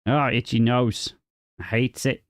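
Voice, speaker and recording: A man's voice: mid-range voice, steady tone, takes it slowly, no room sound, studio quality. A man live-streaming a city-building game, chatting casually and joking with viewers in chat while he plays. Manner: chatty, jokey, talks to chat viewers by name.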